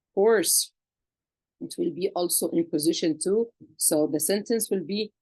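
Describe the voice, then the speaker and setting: A woman's voice: on the low side, unhurried, mellow, no room sound, poor audio. A woman teaching an English grammar lesson to children, patiently asking questions and answering them herself.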